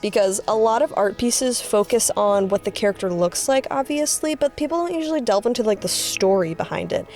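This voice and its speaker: A woman's voice: fairly quick, few pauses, soft background music. Chatty woman artist rambling about her art. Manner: chatty and rambling, with excited high-pitched bursts. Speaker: artist vlogger. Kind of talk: casual art commentary.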